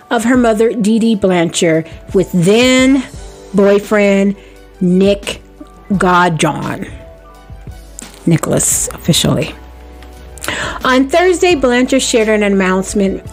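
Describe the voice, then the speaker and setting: A woman hosting a celebrity gossip vlog, sassy and playful, talking straight to her viewers. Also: medium pitch.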